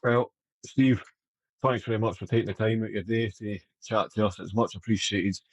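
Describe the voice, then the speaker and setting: A man's voice: lowish voice, steady tone, normal speed, dry recording. A man with a Scottish accent hosting a casual podcast interview, easygoing and hesitant. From Scotland. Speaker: podcast host.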